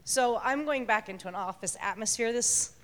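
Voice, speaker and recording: A woman speaks up from the congregation, earnest and measured as she shares. A long reverb hangs on her words in the church hall. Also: a little high, a bit bright. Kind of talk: sharing in a church gathering.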